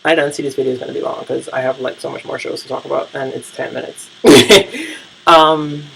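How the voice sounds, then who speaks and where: A gravelly, creaky voice rambles through a casual recap of the week's television. The talk is blunt and laced with profanity, full of "um" and "like" as thoughts wander. It has the loose feel of a vlogger talking straight into a camera mic. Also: mid-range voice, fairly even intonation, fairly quick, a bit bright, rough recording. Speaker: vlogger reviewing TV shows.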